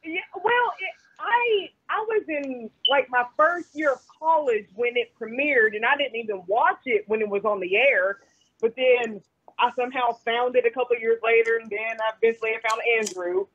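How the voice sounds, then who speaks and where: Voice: mid-range voice, moderate pace, a bit bright, husky. A caller with a Kentucky accent speaks hesitantly, leaning on fillers and little giggles. The voice comes through a muffled, dull-sounding phone line. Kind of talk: casual phone chat.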